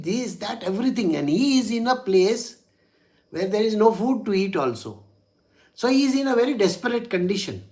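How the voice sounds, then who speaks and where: A man, a spiritual teacher telling a religious story in a chatty way, with frequent chuckles and "you know" asides. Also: high-pitched.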